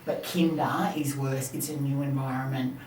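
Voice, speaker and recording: A woman's voice: very deep voice, steady tone, moderate pace, a little mellow. An Australian woman in her thirties co-hosting a podcast, speaking in an earnest, reflective way during casual chat. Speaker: podcast co-host. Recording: roomy, distant mic, faint background hum.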